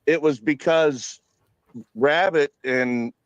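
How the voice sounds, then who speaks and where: A man's voice: fairly high pitch, slow pace, no room sound, muffled recording. A man telling his side of a story in a casual conversation, meandering and leaning on fillers. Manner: loose, meandering explanation with fillers.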